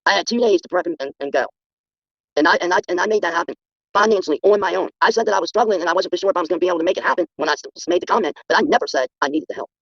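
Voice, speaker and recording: A middle-aged or older guest on a casual livestream, emphatic and defensive, who talks in rushes. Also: mid-range voice, a bit bright, no echo. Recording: muffled lo-fi stream audio.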